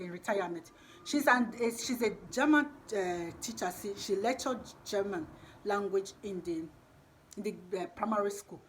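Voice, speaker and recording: Woman vlogging, husky kinda breathy voice, says things twice for emphasis, loose non-native english. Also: mid-range voice. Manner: emphatic, repeats herself for stress. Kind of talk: casual spoken monologue.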